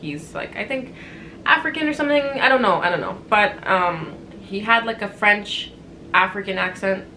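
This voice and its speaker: A woman's voice: mid-range voice, expressive, moderate pace, pushed and bright, a little hiss or hum, low-quality recording. A woman in her twenties telling a story to her vlog camera at home, candid and rambling, with fillers and frequent swearing. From Canada. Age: 20s. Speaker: vlogger. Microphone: compact camera on-board mic.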